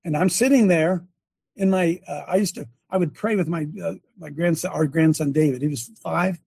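A man's voice: a little high, moderate pace, gravelly, a little mellow, slightly rough, no echo. An older man and former coach giving a sermon-like testimony, telling it emphatically with many repeats and restarts. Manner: breaks off to direct a helper at a screen.

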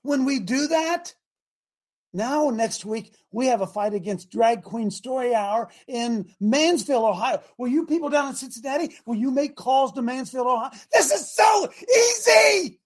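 A male talk show host exhorting listeners in a fiery, preaching style, swinging from shouts to quiet asides. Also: very high-pitched, normal speed.

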